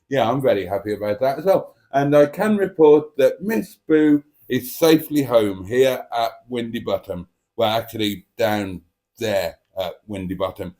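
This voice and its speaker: A man's voice: medium pitch, a little mellow. A man hosting a live stream, chatting casually and reading out viewer comments in a playful, cheeky, theatrical way.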